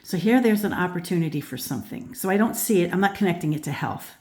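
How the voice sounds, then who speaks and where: A woman's voice: on the low side, expressive, quick pace, darkish tone. A woman, older, giving a casual tarot reading, thoughtful and rambling, with many restarts and "you know" fillers. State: out of breath at times. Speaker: tarot reader and channel host.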